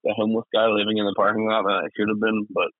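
A man's voice: on the low side, level tone, rapid-fire, dry recording. A young man co-hosting a podcast in loose, profane casual chat, laughing often. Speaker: podcast co-host. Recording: tinny phone-like, dry.

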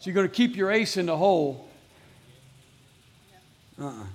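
A man's voice: sits high, lively intonation, normal speed, slightly rough. A man preaching a sermon as pastor to a live congregation, earnestly repeating his exhortations.

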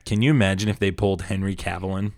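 Deep-ish guy teasing his cohost on a podcast, dry mic, chill. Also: steady tone, fast, no echo. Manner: teasing, laid-back banter. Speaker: podcast co-host. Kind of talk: casual pop-culture chat.

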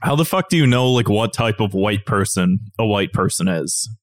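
A man's voice: fairly low pitch, lively intonation, normal speed, no room sound, clean studio sound. A man co-hosting a podcast, chatting casually and ranting with plenty of swearing. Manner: profane, ranting, exasperated. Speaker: podcast co-host. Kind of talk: casual chat.

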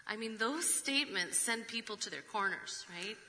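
A woman preaching a sermon, measured, reading scripture with rhetorical asides. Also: fairly high pitch, lively intonation, bright, forceful tone. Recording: long reverb of a large hall.

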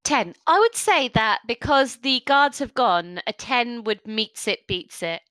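High-voiced woman running a tabletop game. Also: a little slow, no room sound, poor audio. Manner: relaxed, chatty, laughs easily. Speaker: game master.

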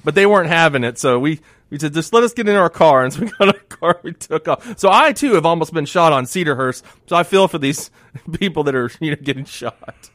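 Fast-talking co-host man. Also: a little high, dry recording, clean studio sound. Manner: animated storyteller, hedging on touchy points. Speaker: radio co-host, former assistant district attorney. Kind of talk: casual radio talk and storytelling.

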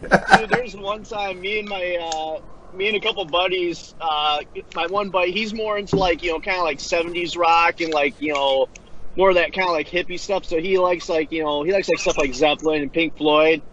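High bright-voiced guy saying dude, lo-fi. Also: fairly even intonation, moderate pace. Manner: laid-back storyteller, says dude and like a lot. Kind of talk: casual profane chat. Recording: dull lo-fi sound.

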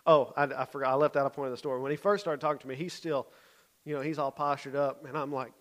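A man's voice: medium pitch, fairly even intonation, fast. A man, a youth pastor telling a story in a sermon, conversational and often checking in with his listeners.

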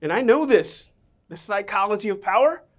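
A middle-aged man preaching a sermon as a pastor, a self-mocking storyteller who swings between loud outbursts and soft, low lines. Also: expressive, normal speed.

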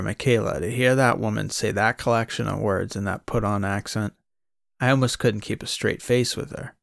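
A man's voice: mid-range voice, gravelly, dry recording, studio quality. A man giving first-person audiobook narration in a wry, conversational private-eye voice.

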